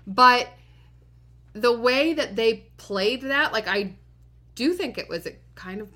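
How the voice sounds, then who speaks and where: A woman co-hosting a podcast, chatting casually with animated, emphatic reactions. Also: a little high, slow pace. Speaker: podcast co-host. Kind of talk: casual chat.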